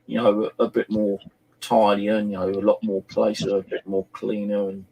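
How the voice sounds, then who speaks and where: A man's voice: fairly low pitch, little pitch movement, moderate pace, creaky, dark tone, a little hiss or hum, low-quality recording. A middle-aged man chatting casually on a live stream, rambling through stories and swearing freely. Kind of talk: casual chat.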